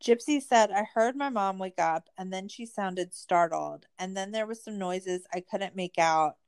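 In an unhurried, clear, resonant voice, a podcast host casually goes over a true-crime documentary. She swears, drips sarcasm, says "like" over and over, and her pitch jumps whenever she's exasperated.

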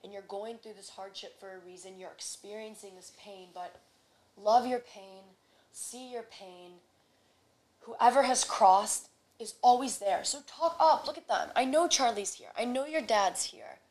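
A woman's voice: a little high, unhurried, darkish tone. A young woman speaking earnestly as a podcast guest, spiritual and heartfelt, often repeating her phrases. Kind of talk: heartfelt conversation.

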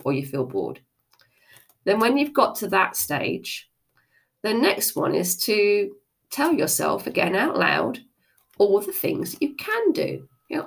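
A woman giving a motivational self-help talk, frank and conversational, with the odd casual swear word. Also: mid-range voice.

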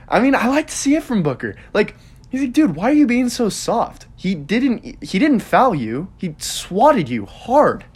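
A young man hosting a podcast, rambling through sports opinions in casual chat with lots of fillers. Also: a little high. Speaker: podcast host.

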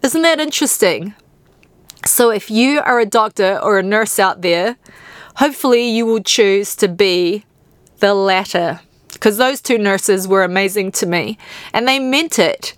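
A woman with a New Zealand accent hosts a personal podcast, recounting her own experiences with candid, animated emotion. Her voice is smooth and clear at a middling pitch. The recording is close and dry, with no room sound. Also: a little slow, no room sound. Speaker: podcast host.

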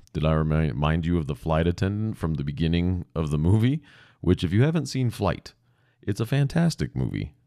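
Gravelly, very deep-voiced man rambling. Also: mellow, no room sound, clean studio sound. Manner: profane, self-deprecating, digressive. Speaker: podcast host. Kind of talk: casual rambling monologue. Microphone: podcast microphone.

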